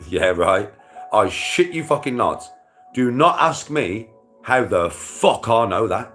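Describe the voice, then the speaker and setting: A man's voice: medium pitch, expressive, unhurried, fairly bright tone, soft background music. A man livestreaming casual chat to his viewers, rambling and swearing, with frequent laughter.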